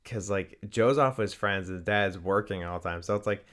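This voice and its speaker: A man's voice: lowish voice, brisk, a bit bright. A young man co-hosting a movie podcast, chatting casually and rambling with lots of "like". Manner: rambling, heavy use of "like", laughs often. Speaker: podcast co-host.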